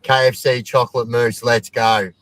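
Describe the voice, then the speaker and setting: A man's voice: mid-range voice, little pitch movement, normal speed, a bit bright, low-quality recording. A man with an Australian accent chatting enthusiastically as a guest on a casual livestream, swearing now and then. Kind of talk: casual chat.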